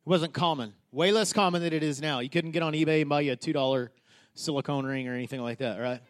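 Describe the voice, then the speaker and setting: Preaching fast and with passion, this high-voiced male pastor trips over restarts and keeps repeating key words. His sermon shifts from quiet, close asides to loud, soaring proclamations.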